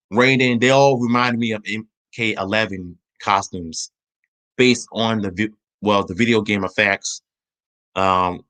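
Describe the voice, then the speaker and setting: A man hosting his own channel talks through a movie trailer in a loose, casual way. His voice sits on the low side, and he rambles, restarts sentences and rushes his words when he gets excited. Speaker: channel host. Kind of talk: casual trailer review chat.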